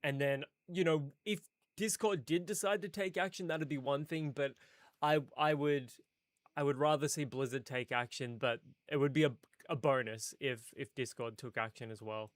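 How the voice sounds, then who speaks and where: A man hosting a casual voice-call chat, giving measured opinions with some hesitant restarts. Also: mid-range voice, steady tone, dry recording. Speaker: streamer host.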